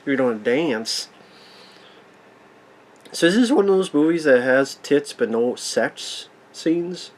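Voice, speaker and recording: A man's voice: on the high side, lively intonation, slow pace, long pauses, a little hiss or hum, poor audio. Sarcastic man riffing on a movie. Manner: sarcastic, swearing, incredulous. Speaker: movie reaction commentator. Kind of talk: casual profane movie commentary.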